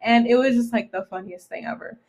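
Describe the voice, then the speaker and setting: A young woman co-host with a fairly high voice, chatting in a loose, excitable way. She swears often and packs her sentences with filler words. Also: brisk. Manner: profane, excitable, lots of filler "like". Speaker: podcast co-host. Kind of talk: casual chat.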